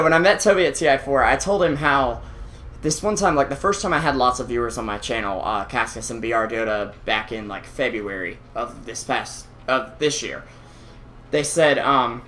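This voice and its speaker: A man's voice: mid-range voice, normal speed, pushed and bright, a little hiss or hum. A male esports caster in casual chat, self-deprecating, breathing heavily into a close mic. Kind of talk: casual chat between game commentary.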